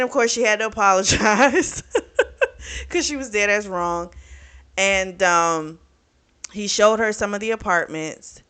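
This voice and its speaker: Her voice sits on the low side and sounds smooth. As a book reviewer, she gives a chatty, animated plot summary laced with profanity and lots of fillers.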